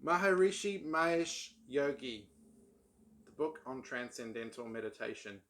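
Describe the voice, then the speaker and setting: A man's voice: mid-range voice, a little slow, a bit bright. A man vlogging about his old paperbacks in casual, rambling talk full of ums and restarts. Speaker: book vlogger. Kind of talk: casual chat.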